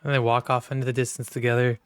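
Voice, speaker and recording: A man co-hosting a podcast in casual chat, animated, cutting in excitedly and acting out quotes. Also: very fast, clean tone. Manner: animated, jumps in excitedly, acts out quotes in a high voice. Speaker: podcast co-host.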